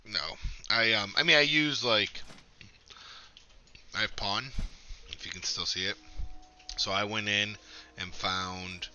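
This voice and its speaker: A man's voice: fairly low pitch, fairly even intonation, takes it slowly, pauses often, sharp tone, muffled recording, slight background noise. A man streaming a game, chatting casually and swearing freely as he explains his setup at length. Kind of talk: casual gameplay chat.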